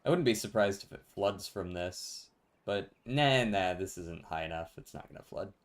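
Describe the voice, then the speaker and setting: A man with a fairly low voice talks his way through a building game on stream. His delivery is loose and conversational, answering chat as he plays. He laughs easily and keeps a relaxed tone. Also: normal speed. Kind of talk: casual gameplay commentary.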